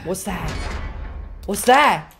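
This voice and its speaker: Drawn-out, dramatic woman streamer. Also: mid-range voice. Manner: expressive and dramatic, swears a lot, talks to chat. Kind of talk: casual gaming livestream chat. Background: faint game music.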